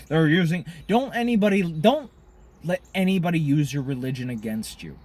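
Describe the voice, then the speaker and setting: Vlogger, male, profane cigar-smoking rant, voice sits a bit high, alternates loud bursts with low asides. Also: moderate pace. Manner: profane, swings between loud outbursts and muttered asides; smoking a cigar while talking. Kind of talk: ranting monologue.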